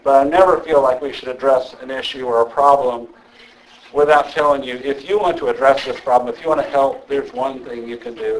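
A man's voice: mid-range voice, steady tone, fairly quick, low-quality recording. Older man giving a chatty lecture. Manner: conversational, with frequent "okay?" check-ins. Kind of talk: evening lecture to an audience.

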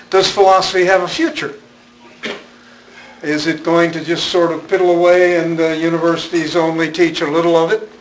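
A man's voice: a little high, slight background noise, low-quality recording. An older man giving a public philosophy lecture, wry and rambling, with a self-deprecating manner. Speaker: guest speaker, philosophy professor. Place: lecture room with audience.

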